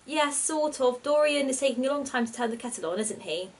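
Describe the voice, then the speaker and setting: A woman's voice: sits high, lively intonation, brisk, pitched above the performer's own voice. A woman voicing an anxious, polite young witch girl. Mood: uneasy.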